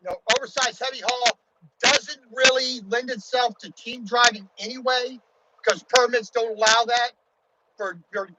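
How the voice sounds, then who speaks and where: A man from Baltimore with a very high-pitched voice talks casually from his truck cab. He rambles, restarting sentences and dropping "you know" often. Heavy engine and road rumble fills the background. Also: steady tone, normal speed. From Baltimore, USA. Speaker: truck driver. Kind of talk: casual vlog talk while driving.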